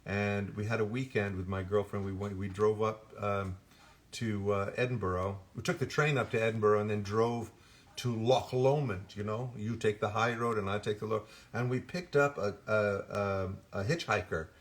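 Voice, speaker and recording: A man's voice: lowish voice, steady tone, moderate pace. An older man, a voice actor at an autograph signing, telling rambling stories in casual chat and often restarting his sentences. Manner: rambling anecdotes with frequent restarts and self-corrections.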